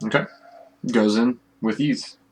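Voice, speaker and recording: A man of medium pitch speaks a little slowly as game master, narrating a tabletop game over voice chat. He describes the scenes in an easygoing way and laughs often. The recording is rough.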